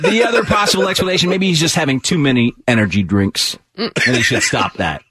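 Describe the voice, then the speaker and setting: A man's voice: a little high, expressive, fast talker, a loud crowd. A man hosting a radio show, telling a news story in casual banter and laughing along.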